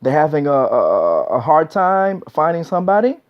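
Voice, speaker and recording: On a dull lo-fi recording, a man with a slightly high, sing-song voice gives blunt relationship advice at a moderate pace. His casual monologue is preachy, repeats itself, and is frequently tagged with "man."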